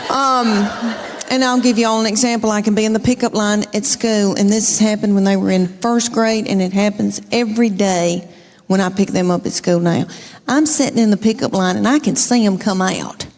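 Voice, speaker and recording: A woman's voice: mid-range voice, fairly even intonation, moderate pace, a little mellow, big-room sound. A middle-aged woman doing stand-up comedy, telling family stories in a chatty, drawling way. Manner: chatty storytelling with drawled asides. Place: comedy stage with live audience.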